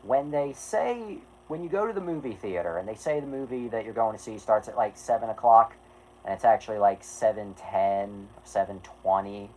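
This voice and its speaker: A man's voice: on the low side, normal speed, a little mellow, slight background noise, rough recording. A man chatting casually on a livestream, rambling and apologetic, who swears and keeps restarting his sentences. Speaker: streamer.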